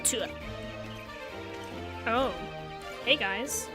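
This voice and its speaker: A woman reading aloud as a gruff, scornful male sailor. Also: fairly high pitch, very slow, loud music behind the voice.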